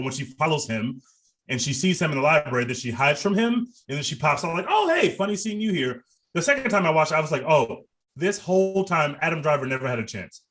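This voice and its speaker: A man's voice: on the high side, fairly bright tone. A man co-hosting a podcast, reviewing a movie in casual, profane and enthusiastic chat. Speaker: podcast co-host.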